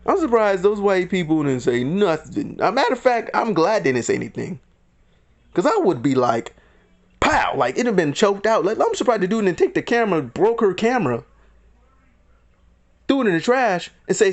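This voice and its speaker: A man's voice: sits high, very animated, normal speed. A man giving heated, indignant commentary in a vlog, acting out other people's lines in mock voices. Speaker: vlogger. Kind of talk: ranting commentary.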